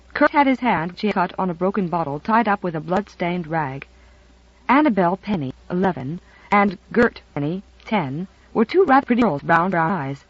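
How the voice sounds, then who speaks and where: Audiobook narrator, expressive and lively in pitch, dry, dull sound. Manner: expressive storytelling.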